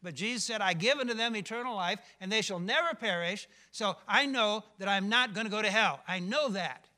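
A man's voice: high voice, fairly quick, sharp tone. An older male pastor preaching a sermon, emphatic, often asking the congregation questions.

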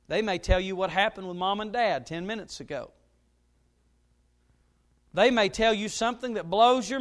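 A middle-aged man, a pastor, preaching a sermon and telling a story, his voice now and then jumping up loud. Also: high-pitched. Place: church.

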